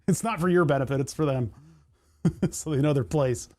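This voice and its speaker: A young man from the United States talks loosely to his live chat, drifting between tech musings and mock-outraged rants. His voice sits a bit on the high side, and he breaks into laughter often. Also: darkish tone. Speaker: streamer. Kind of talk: casual live-stream chat.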